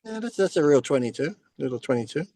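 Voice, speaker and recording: A man's voice: a little high, very animated, quick pace, mellow. A man telling profane, laughing stories as a guest in a casual podcast chat over a video call. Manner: profane storyteller, laughs between phrases.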